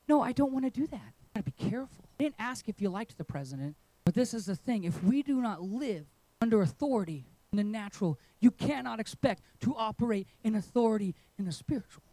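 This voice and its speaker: High-voiced man preaching with shouting bursts. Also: fast talker, dry recording, rough recording. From England. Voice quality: animated preaching, voice surging to shouts on emphasis. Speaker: pastor. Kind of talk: sermon. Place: church auditorium.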